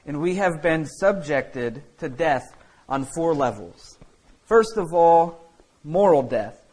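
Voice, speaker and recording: A man's voice: fairly high pitch, expressive, slow pace, darkish tone, breathy edge, poor audio. Rambling, conversational male pastor. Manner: conversational, many fillers and restarts. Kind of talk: sermon.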